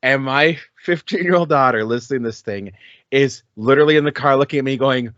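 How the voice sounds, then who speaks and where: A middle-aged man co-hosting a comedy album review podcast, animated and profane, often laughing as he tells stories. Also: medium pitch, fairly quick, no echo, highs cut off. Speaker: podcast co-host.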